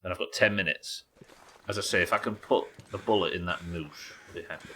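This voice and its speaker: A man commentating his own live game stream, excitable, swearing and talking to his chat. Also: sits low, brisk, a little hiss or hum.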